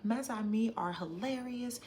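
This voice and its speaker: A woman's voice: on the high side, a little slow, a little mellow, slight background noise, voice pushed up, lightly acted. A woman imitating her caring, upbeat best friend, who asks with concern what went wrong. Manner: concerned, questioning.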